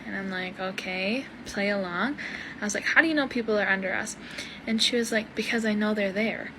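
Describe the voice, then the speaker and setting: A mother recounts a story in a bemused, conversational way. Her voice is mid-pitched, with a noticeable layer of ambient noise running behind it. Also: fairly quick. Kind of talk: casual storytelling. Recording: noisy background ambience.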